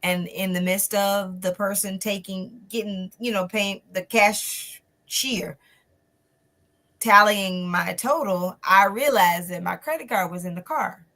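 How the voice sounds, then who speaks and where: Woman guest telling a story, lively, does all the voices. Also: mid-range voice, slow pace. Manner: animated, acts out the people in her story. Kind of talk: storytelling in a conversation.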